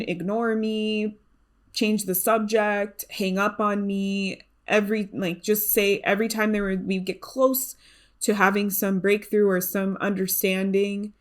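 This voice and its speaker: A young adult woman hosting a solo podcast, talking in an earnest, conversational way with many fillers and restarts. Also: medium pitch. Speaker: podcast host. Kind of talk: reflective solo podcast talk.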